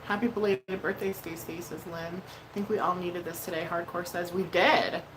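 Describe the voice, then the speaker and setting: A woman's voice: fairly low pitch, flat delivery, moderate pace, background noise. A woman hosting a casual makeup livestream, chatty and freely swearing as she reads out viewer messages. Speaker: livestream host doing makeup.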